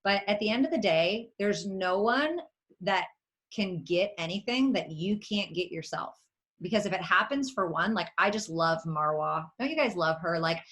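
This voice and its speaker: A woman with a fairly low-pitched voice, a network marketing leader appearing as a guest, gives a motivational talk on a video call. She is animated and emphatic, acting out little quotes and laughing as she goes.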